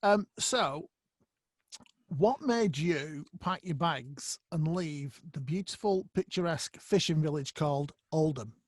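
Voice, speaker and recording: A man's voice: a little high, expressive, slow pace, dry recording. A man hosting a podcast, teasing his guest with dry, jokey banter. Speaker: podcast host. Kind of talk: casual interview chat.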